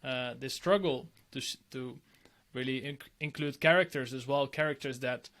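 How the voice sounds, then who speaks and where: A man's voice: mid-range voice, moderate pace, a bit bright. A man hosting a podcast, talking earnestly with frequent restarts. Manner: earnest, many restarts and filler. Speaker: podcast host. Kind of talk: conversational interview.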